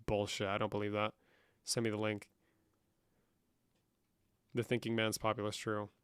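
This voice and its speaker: A man's voice: lowish voice, completely flat delivery, moderate pace, a bit bright, smooth, dry recording, studio quality. Profane young man reading chat. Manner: profane, reads chat aloud and answers. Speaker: streamer. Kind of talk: casual live-stream chat.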